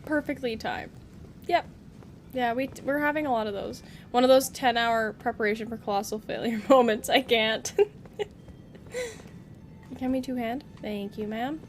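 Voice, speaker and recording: A woman's voice: a little high, normal speed, long pauses, a little hiss or hum. A young woman streaming a game, chatting playfully with her viewers and teasing the character on screen. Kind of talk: live gameplay commentary.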